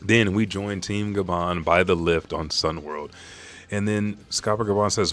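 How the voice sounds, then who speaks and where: Excitable, profane man reading manga live. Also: low voice, faint music behind. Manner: animated, profane, jumps into quick character voices. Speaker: manga reaction streamer.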